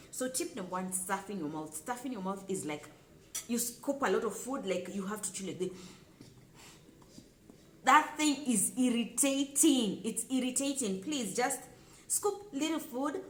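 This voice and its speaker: Young Kenyan woman, casual vlog delivery, emphatic and repetitive, mid-pitched, recorded in an echoey home room. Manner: emphatic and repetitive, lively asides. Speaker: lifestyle vlogger. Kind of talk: casual talk to camera. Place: home room with children nearby. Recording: echoey room with faint background noise.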